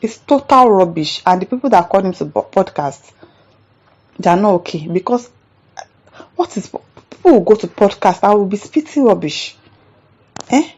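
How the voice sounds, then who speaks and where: Indignant Nigerian woman ranting, mellow voice. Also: medium pitch, lively intonation, normal speed, pauses often, husky, muffled recording. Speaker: commentary show host. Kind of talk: reading out and reacting to viewer comments.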